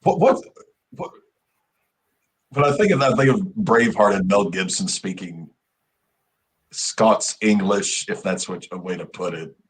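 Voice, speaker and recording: Man, wrestling podcast co-host, casual chat, stumbling restarts, lowish voice. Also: expressive. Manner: halting, repeats words as he starts.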